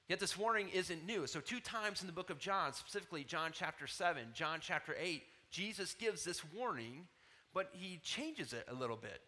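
A man preaching a sermon from scripture, with emphatic peaks and soft, tender asides. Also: on the high side. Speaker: pastor.

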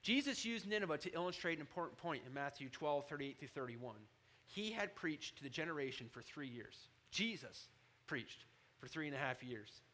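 A man preaching a sermon, moving from low, quiet asides to loud, shouted emphasis. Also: big pitch swings, moderate pace. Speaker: pastor.

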